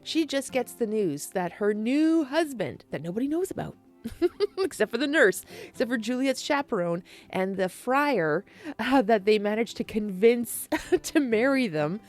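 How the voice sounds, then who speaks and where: A woman casually retelling a classic play in a chatty, animated way, laughing and swearing often. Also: on the high side, unhurried, soft background music. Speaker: storyteller.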